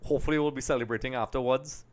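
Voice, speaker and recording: A man hosting a live match watch-along, chatting with viewers and breaking into excited play-by-play. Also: medium pitch, rapid-fire. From Trinidad and Tobago. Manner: chatty, reads comments aloud, bursts into excited play-by-play. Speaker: live stream host.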